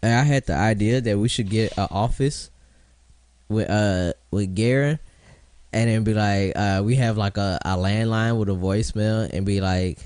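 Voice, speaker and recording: A male podcast co-host speaks at normal speed in a fairly low, smooth voice with a darkish tone and no room sound. Chatting casually, he tells long, rambling stories and breaks into laughing impressions.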